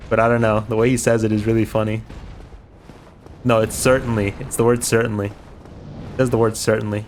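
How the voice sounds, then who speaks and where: A man's voice: lowish voice, a little hiss or hum. A man streaming a game, giving rambling, chatty commentary and swearing casually.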